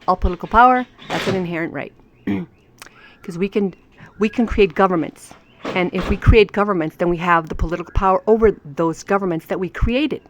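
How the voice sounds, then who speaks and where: A woman of middle pitch gives a casual home lesson. She talks in a chatty, emphatic way and often turns aside to speak straight to her viewers. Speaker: home teacher. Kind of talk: casual lesson reading legal maxims.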